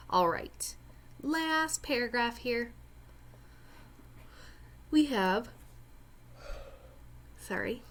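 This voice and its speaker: A woman's voice: on the high side, lively intonation, very slow, pauses often, a bit bright. A woman teacher explaining a Spanish reading step by step, with chatty joking asides. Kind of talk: recorded lesson walkthrough.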